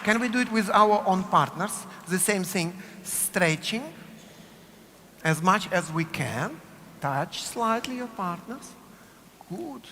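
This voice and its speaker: A man with a Russian accent leads a dance class, calling out movement cues in a slow, sing-song way, his pitch rising and falling widely. He keeps checking in with the group as he coaches. His voice rings with the long reverb of a big studio, with faint room noise underneath. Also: lively intonation, bright, forceful tone. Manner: coaching rhythmically, repeats cue words, asks "yes?" often. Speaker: dance teacher. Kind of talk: dance workshop instruction.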